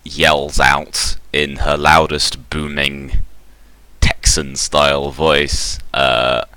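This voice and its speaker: A man narrating a tabletop role-playing game as game master in a relaxed, halting way. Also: very deep voice, clear, resonant tone, no echo.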